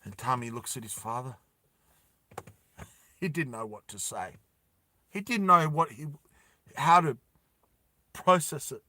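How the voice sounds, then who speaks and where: Bright-voiced man telling a dramatic story. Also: mid-range voice, slow, pauses often, no echo. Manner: dramatic, repetitive, drops soft for emotion. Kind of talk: storytime narration.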